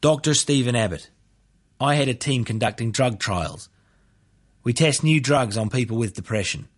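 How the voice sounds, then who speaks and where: A man voicing a male doctor giving expert testimony in a calm, matter-of-fact way, read as a story. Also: mid-range voice, normal speed, voice pushed up, close to an everyday voice.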